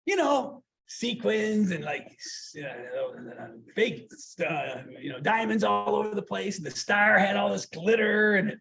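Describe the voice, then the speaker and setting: A middle-aged man with a fairly high voice tells stories to a club meeting in a meeting room. He is lively and anecdotal and slips into the voices of the people he quotes. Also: unhurried, creaky, hardly any pauses. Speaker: guest speaker. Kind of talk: storytelling speech at a club meeting.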